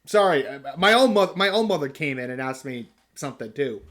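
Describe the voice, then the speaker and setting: Canadian man hosting, higher voice, halting delivery. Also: animated, crowd noise. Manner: halting, stammering restarts. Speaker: podcast host. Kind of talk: casual chat.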